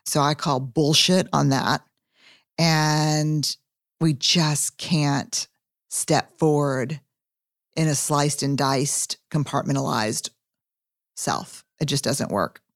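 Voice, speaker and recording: A woman's voice: deep voice, steady tone, slow pace, dry recording, clean studio sound. A woman hosting a podcast in a casual, candid way, stretching out reflective phrases. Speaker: podcast host.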